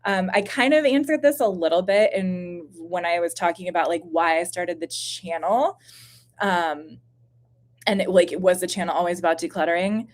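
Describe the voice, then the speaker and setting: A woman's voice: fairly low pitch, moderate pace. Chatty, self-mocking woman live-streaming. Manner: chatty and self-deprecating, rambling with fillers and laughs. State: stuffy from postnasal drip. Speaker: YouTube channel host. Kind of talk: casual live-stream chat reading viewer questions.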